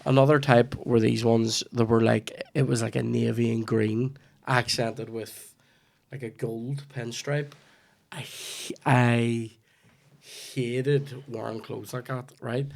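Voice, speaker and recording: Guy, 30s, gravelly, telling a funny story on his podcast, swears a lot. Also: mid-range voice. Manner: swears freely, restarts lines, acts out his mum in quoted asides. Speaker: podcast host. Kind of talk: casual comedic storytelling.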